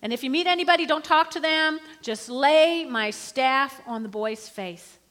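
A woman's voice: high-pitched, normal speed, fairly bright tone. A woman preacher voicing an old male prophet who gives urgent orders to his servant, in a reverberant hall. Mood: urgent commanding. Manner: commanding, urgent.

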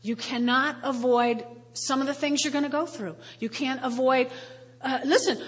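A woman in her fifties, a pastor preaching a sermon with animated, playful storytelling. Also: sits high, normal speed, husky. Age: 50s. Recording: reverberant hall.

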